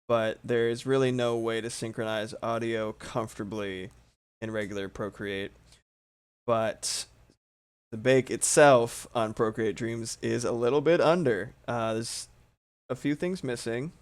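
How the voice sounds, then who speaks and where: A sleepy man talking through a drawing stream in loose, rambling chat. He swears freely and pokes fun at himself, with a voice of middling pitch for a man. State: sleepy, yawning. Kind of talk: casual chat while drawing.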